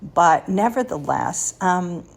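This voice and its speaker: A woman in her sixties speaks in a low, husky voice with a gravelly edge. She unhurriedly shares personal faith stories as a podcast host. She is confiding and laughs softly between thoughts. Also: expressive, slow pace. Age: 60s.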